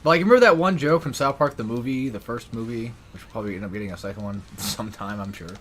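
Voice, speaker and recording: A man's voice: medium pitch, quick pace, a bit bright, a little hiss or hum. A young man giving casual, rambling gameplay commentary, sarcastic and swearing often. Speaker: gaming YouTuber.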